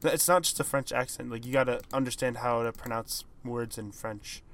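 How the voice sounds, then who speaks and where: A man's voice: medium pitch, a little fast. Rambling young man, casual podcast chat. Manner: rambling, hedging, trailing off quietly. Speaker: podcast co-host.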